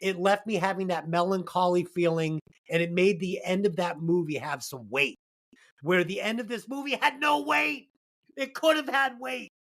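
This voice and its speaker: Profane, animated woman podcast co-host. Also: fairly low pitch, moderate pace. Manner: profane, animated, emphatic storytelling. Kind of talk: casual movie-review chat.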